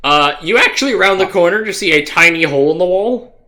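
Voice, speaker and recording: A man's voice: sits high, animated, brisk, bright, forceful tone. A man narrating a tabletop game as game master, matter-of-fact with dry jokes.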